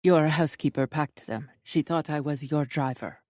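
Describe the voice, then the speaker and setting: A man's voice: on the high side, normal speed, a little mellow, no room sound, studio quality, lightly acted. A woman voicing a tall, terse man working as a driver.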